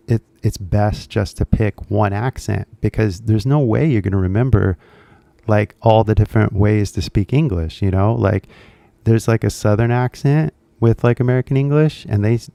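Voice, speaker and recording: A man's voice: lowish voice, moderate pace, creaky, warm tone, dry recording. A man with a Californian accent, an English teacher chatting casually and filling his talk with fillers as he switches languages. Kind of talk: casual livestream chat.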